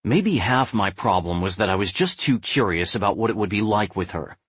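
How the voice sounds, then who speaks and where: A young adult man narrating a first-person novel in a measured, brooding way. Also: fairly low pitch, expressive, fairly bright tone, slightly rough, dry recording. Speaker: audiobook narrator.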